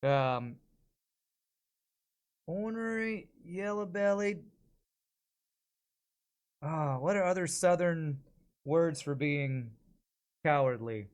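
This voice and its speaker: A man streaming while he works on voice-over lines, thinking out loud and correcting himself as he goes. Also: a little high, clear, resonant tone. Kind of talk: casual live stream chat.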